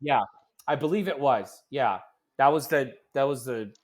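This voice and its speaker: A man co-hosting a casual sports podcast, ranting in an animated, exasperated way that often turns loud. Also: mid-range voice, measured pace. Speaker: podcast co-host.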